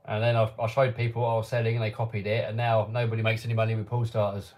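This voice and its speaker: A man's voice: fairly low pitch, flat delivery, racing, a little mellow. Chatty man in a live Q&A. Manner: reads out viewer questions, answers offhand and chuckling. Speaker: channel host answering live chat. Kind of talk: casual live-stream Q&A. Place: home workshop.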